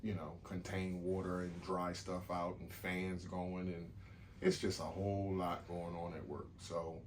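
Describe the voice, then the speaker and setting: This podcast co-host talks in a deep, level voice at a measured pace, with slight background noise behind him. His casual chat rambles, he repeats himself, and he swears now and then.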